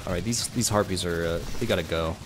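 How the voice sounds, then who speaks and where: A man's voice: low-pitched, quick pace, background noise. A man giving casual commentary while playing a game, sniffly with a stuffed nose, yelping and swearing at the action. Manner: excitable, yelps and swears at the game. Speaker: gaming video creator. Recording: game music playing behind.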